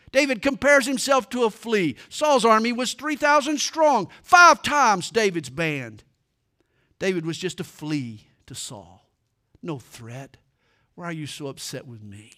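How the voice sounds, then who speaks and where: A man's voice: high voice, animated, a little slow, pushed and bright. A male preacher giving a sermon, retelling scripture in a dramatic, emphatic way.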